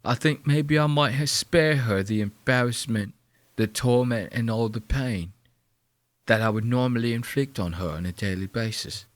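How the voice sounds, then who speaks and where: A man's voice: medium pitch, moderate pace, lightly acted. A man putting on a twee, giddy young British man in a put-on mock-British whine. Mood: smug.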